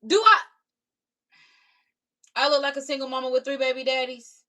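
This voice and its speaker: A woman's voice: high-pitched, moderate pace, pushed and bright. A young woman, reacting to viewer comments on her live stream in sassy casual chat. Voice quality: raspy. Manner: sassy, talks back to commenters.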